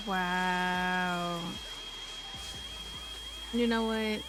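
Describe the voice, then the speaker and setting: Over music, a woman offers casual, playful commentary on a life-simulation game, chatting to her viewers and the characters on screen. Her voice is medium-pitched, and she speaks slowly with frequent pauses.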